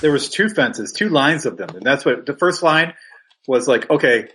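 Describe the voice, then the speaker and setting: A man joins a podcast panel as a guest, joking and enthusiastic throughout. His voice has a husky, slightly rough grain at an everyday middle pitch. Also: animated, normal speed, pushed and bright. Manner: jokey, enthusiastic. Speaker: guest co-host of another podcast. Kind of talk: casual panel chat.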